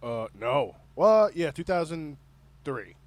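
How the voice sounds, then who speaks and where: A man co-hosting a podcast, laid-back and agreeable, tossing in quick quips. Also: on the high side, big pitch swings, no room sound. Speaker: podcast co-host. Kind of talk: casual chat.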